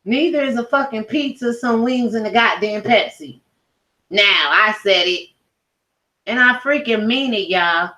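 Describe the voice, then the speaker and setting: A woman's voice: fairly high pitch, a little slow, sharp tone, poor audio. A woman giving a heated, profane rant as a YouTube commentator, speaking emphatically. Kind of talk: angry rant to camera.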